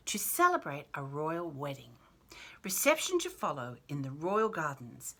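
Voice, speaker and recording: Storyteller: woman reading a picture book aloud, bright, lively pitch, chatty and giggly. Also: measured pace, slight background noise.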